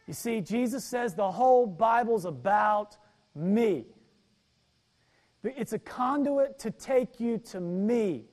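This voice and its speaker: A male pastor delivers a sermon in a high voice at an unhurried pace. He reads verses aloud and drives home his main points by repeating them. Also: lively intonation, darkish tone.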